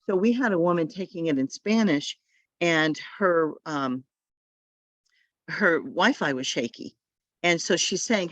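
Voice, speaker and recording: A woman leading a tutor training session over a video call, giving advice in a chatty way with quick asides. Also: on the low side, animated, fairly bright tone, dry recording.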